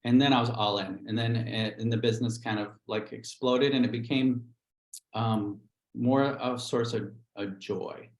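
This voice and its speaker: A middle-aged real estate agent talks candidly about how he built his business. His voice sits at an ordinary pitch, and he slips into quick acted-out quotes. The sound carries an echoey room around him. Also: fairly even intonation. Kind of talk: livestream interview storytelling.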